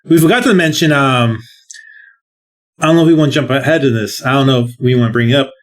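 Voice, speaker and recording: A man's voice: medium pitch, fast talker. A man co-hosting a game podcast, rambling and hesitant, with restarts and casual swearing. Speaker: podcast co-host. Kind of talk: casual game review chat.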